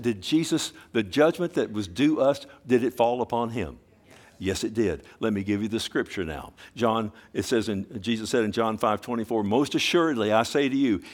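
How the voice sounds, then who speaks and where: A man preaching a sermon, firing rhetorical questions at the congregation and repeating key words fervently. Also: mid-range voice. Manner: sweeping from loud emphasis down to hushed tones.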